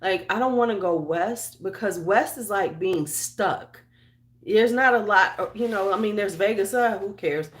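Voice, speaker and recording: A woman's voice: mid-range voice, a little slow. A woman with a Chicago accent, a beauty vlogger in casual livestream chat, rambling with lots of fillers and restarts and greeting viewers by name. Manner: talks to viewers by name while getting ready.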